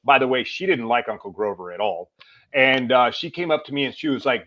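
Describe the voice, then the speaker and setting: A middle-aged man, a podcast guest, tells a personal story in a casual, animated way and acts out the lines he quotes. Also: mid-range voice, fast talker, dull audio.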